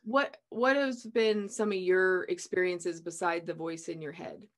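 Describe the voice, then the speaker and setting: A woman's voice: fairly low pitch, fairly even intonation, unhurried. A woman hosting a casual talk, chatty, with lots of filler words. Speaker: host. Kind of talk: casual conversation.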